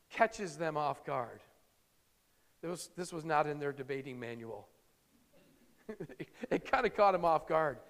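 A man with a high, gravelly voice preaches a sermon. He talks in a conversational, emphatic way and acts out the quotes he reads. The sound carries a long hall reverb. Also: fairly bright tone. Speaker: pastor.

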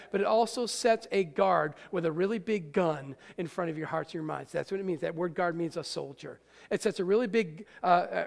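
A man preaching a sermon as pastor, animated and often asking the audience questions. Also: sits high, vocal fry. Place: church sanctuary. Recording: church hall with long reverb.

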